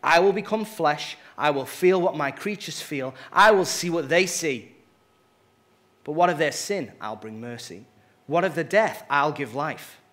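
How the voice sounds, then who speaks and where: A resolute, loving divine king who declares his plans with firmness, as a preacher reads him out. The voice stays at a middle pitch with a storybook telling style. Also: measured pace, fairly bright tone, close to an everyday voice. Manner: firm, declaring. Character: resolute loving God the Father, male king. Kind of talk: dramatic reading from a storybook.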